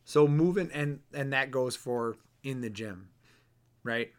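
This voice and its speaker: A man's voice: medium pitch, slow. A man in his thirties hosts a podcast and gives a casual motivational talk in a mid-range voice. He is blunt and earnest and keeps restarting his phrases as he thinks. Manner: earnest, blunt, repeats words while thinking. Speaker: podcast host.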